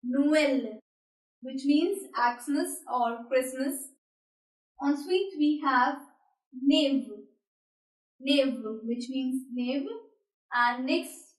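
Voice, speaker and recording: Slow, high-voiced woman teacher, echoey room. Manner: slow and deliberate, repeating words. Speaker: French teacher. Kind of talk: beginner language lesson. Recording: roomy echo, mic at a distance.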